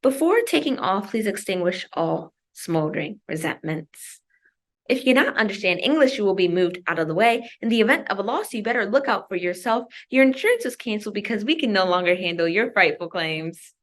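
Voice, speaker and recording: A woman recites spoken-word poetry with measured, emphatic phrasing, leaning on each line for effect. Her voice sits at an ordinary middle pitch for a woman. She performs as an invited guest. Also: lively intonation. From Maryland. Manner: deliberate, emphatic performance delivery.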